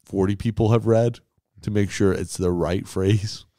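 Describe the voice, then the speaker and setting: Man, podcast co-host, low pitch, easygoing, casual chat. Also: fairly even intonation, a little slow, warm tone, dry recording, clean studio sound. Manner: easygoing, asks questions, laughs readily.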